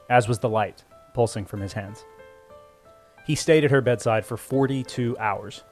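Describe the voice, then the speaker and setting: A man narrating a story in a measured, even storytelling voice. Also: on the low side. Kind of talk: scripted audiobook narration. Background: faint music score.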